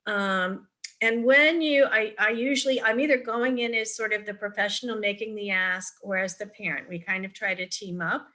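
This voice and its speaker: Middle-aged woman on a video call, chatty advocate with lots of ums, bright clear voice. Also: medium pitch, fairly even intonation, normal speed. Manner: chatty storyteller, frequent ums and restarts. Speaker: parent advocate and presenter. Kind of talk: virtual forum talk, advice with anecdotes.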